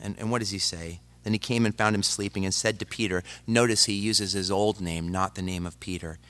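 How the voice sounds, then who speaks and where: A male preacher delivering a dramatic sermon that swings from loud to hushed and speaks straight to the congregation. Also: fairly low pitch, steady tone, fairly quick. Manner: addresses the congregation directly.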